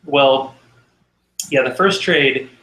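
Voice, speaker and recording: A man's voice: mid-range voice, very slow, pushed and bright. A man hosting a casual fantasy football chat, talking in a rambling, wry way. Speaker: podcast host. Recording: roomy echo.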